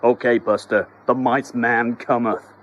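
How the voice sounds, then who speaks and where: A man's voice: medium pitch, fairly even intonation, measured pace, a bit bright, slight background noise, natural voice. A man voicing a cocky, tough male pest exterminator with swaggering action-hero talk.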